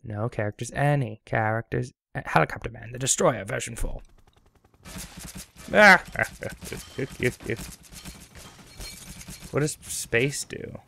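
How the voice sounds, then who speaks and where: Slow, gravelly young man commentating a game. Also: medium pitch, sharp tone, a little hiss or hum. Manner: goofy, rambling, sings snatches of song. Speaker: let's play commentator. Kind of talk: casual gameplay commentary.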